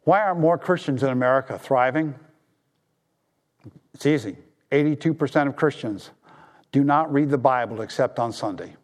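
A man preaching a sermon as pastor, swinging from raised appeals down to hushed, low tones for emphasis. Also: normal speed, pauses often.

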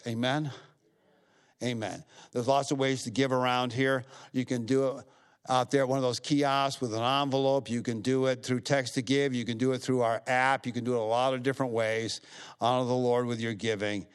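A middle-aged man leading a church service as pastor, folksy and repetitive, getting more animated as he retells a story. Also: mid-range voice, clean tone. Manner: folksy, repeats himself, rises when telling a story. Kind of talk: church service announcements and offering talk. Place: church sanctuary.

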